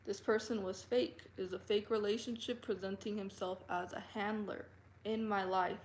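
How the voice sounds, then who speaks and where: A woman telling a personal story to camera in an earnest, halting way, full of fillers and restarts. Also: medium pitch, fairly even intonation, slight background noise. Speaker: vlogger. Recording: roomy echo.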